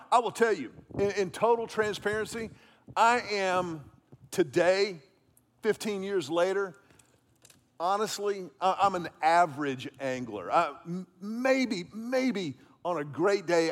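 A man's voice: high-pitched, expressive, a little slow, big-room sound. A man preaching a sermon, telling a story casually and with lots of fillers. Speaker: pastor.

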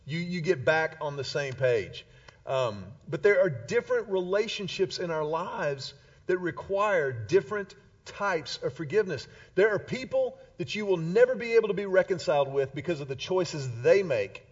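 Lively emphatic male preacher. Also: high voice, normal speed, dull audio. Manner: emphatic, punchy repetitions. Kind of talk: sermon.

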